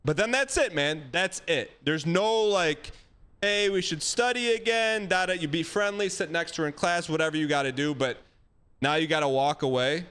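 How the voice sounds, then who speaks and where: Male streamer, slightly higher voice, blunt and animated advice-giver. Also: moderate pace, clear, resonant tone. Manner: blunt, animated, acts out quoted lines. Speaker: streamer giving dating advice. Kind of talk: casual advice chat.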